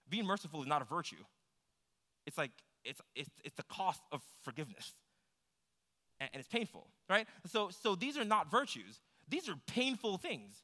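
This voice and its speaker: Bright-voiced preacher in a reverberant hall. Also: male voice, fairly high pitch. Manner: conversational preaching, rising to emphatic peaks. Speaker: pastor. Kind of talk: sermon. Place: church hall.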